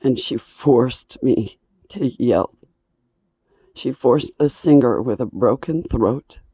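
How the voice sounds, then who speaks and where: Hoarse, husky woman pleading slowly. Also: rumbling low, expressive, warm tone, dry recording. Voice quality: hoarse, broken voice. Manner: halting, pleading, aggrieved. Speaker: singer and breathing teacher. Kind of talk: emotional personal monologue. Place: indoors at home.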